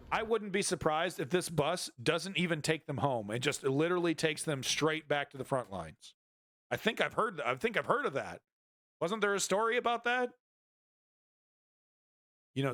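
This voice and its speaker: Rambling man with a fairly high voice. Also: a bit bright, dry recording, clean studio sound. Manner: rambling, filler-heavy, restarts, sardonic. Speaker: streamer reacting to news footage. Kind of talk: casual commentary.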